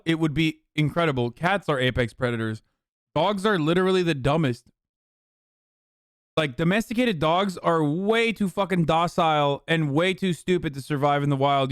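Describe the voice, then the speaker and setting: A man's voice: a little high, clear, resonant tone, no room sound, studio quality. A man hosting a live stream, reacting casually, arguing and swearing heavily. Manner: argumentative, heavy swearing. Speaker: streamer host.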